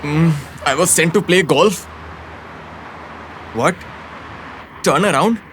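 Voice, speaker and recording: A man's voice: on the high side, slow, a bit bright, slight background noise. A man voicing a fed-up office worker in a dubbed film, grumbling and easily confused. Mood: bewildered. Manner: grumbling, bewildered. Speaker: office employee turned hired agent.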